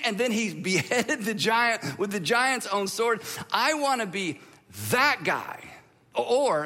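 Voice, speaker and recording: Man, pastor, lively storytelling sermon, swooping high voice. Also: long reverb tail. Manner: animated, playful dramatic storytelling. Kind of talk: humorous sermon.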